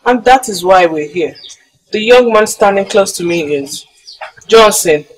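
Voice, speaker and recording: A woman's voice: medium pitch, expressive, unhurried, close to an everyday voice, rough recording. An actress with a Nigerian accent playing a mother seeking her child's father in a Nollywood drama, earnest and pressing. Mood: accusing. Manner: earnest, polite but pressing.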